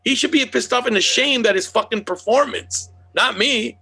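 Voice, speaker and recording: A man's voice: extremely high pitch, normal speed, creaky, crowd noise. A man telling stories in casual, profane chat as a podcast host. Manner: animated storyteller, swears a lot.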